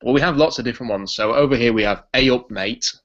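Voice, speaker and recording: A man from Yorkshire with a Yorkshire English accent, a podcast guest chatting casually in a relaxed, rambling way with lots of ums. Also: mid-range voice, racing, muffled recording. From Yorkshire, England.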